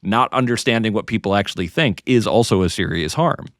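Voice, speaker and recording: Earnest, emphatic American man, low voice. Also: a bit bright, dry recording, clean studio sound. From greater New York area. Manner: earnest, emphatic, halting with restarts. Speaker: guest, free speech advocate. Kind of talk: conversational interview.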